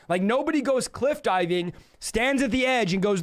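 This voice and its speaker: A man with a notably high speaking voice tells his faith testimony as a story. He is animated and slips into the voices of the people he quotes. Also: moderate pace, hardly any pauses. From California. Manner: animated, acts out quoted dialogue. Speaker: guest sharing a testimony.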